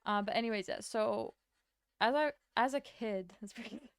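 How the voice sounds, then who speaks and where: A young woman from Latvia, a streamer chatting casually with her chat while she draws, rambling and answering with quick laughs. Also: fairly high pitch, no echo, clean studio sound. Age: young adult.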